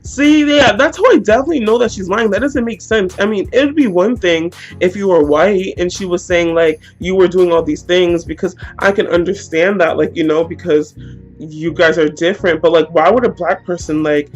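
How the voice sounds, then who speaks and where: A woman's voice: lowish voice, moderate pace, darkish tone, husky, faint music behind. A woman voicing her chatty, rambling woman boss in a storytime vlog.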